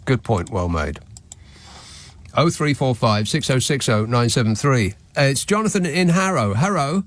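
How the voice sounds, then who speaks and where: A man's voice: mid-range voice, expressive, moderate pace. A man hosting a radio phone-in, talking in a dry, wry, conversational way. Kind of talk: radio talk show. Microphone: studio microphone.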